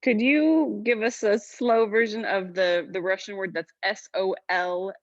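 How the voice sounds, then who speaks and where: A woman's voice: medium pitch, fairly even intonation, unhurried, no echo, highs cut off. A woman choir singer politely asking questions during a pronunciation lesson.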